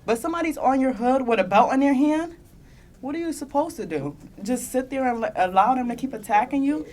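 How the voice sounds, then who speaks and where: Young woman on a panel, emotional testimony, higher voice, teary but laughing now and then. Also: lively intonation, a little fast, a little mellow. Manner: earnest and heartfelt, often near tears, with bursts of rueful laughter. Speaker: panelist sharing her own story. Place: conference panel in a meeting room.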